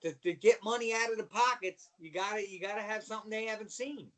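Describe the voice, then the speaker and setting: Animated, fairly high-voiced middle-aged man. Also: fast. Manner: animated storyteller, repeats "you know what I mean". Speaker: guest, former pro wrestler. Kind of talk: casual chat.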